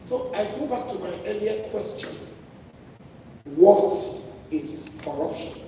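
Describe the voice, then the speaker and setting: A high-voiced man preaches a sermon, pressing his points through repetition and restarts. He sounds far from the mic in a large, echoing hall with long reverb. A clear layer of noise sits under his voice. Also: lively intonation, normal speed. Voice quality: emphatic, repetitive phrasing with restarts. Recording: echoey hall from far off, noisy.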